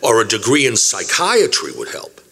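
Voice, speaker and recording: Animated, bright-voiced older man telling stories. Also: lowish voice, gravelly, slightly rough. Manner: storytelling with dramatic pauses and emphasis. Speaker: compensation fund administrator. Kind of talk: speech to an audience.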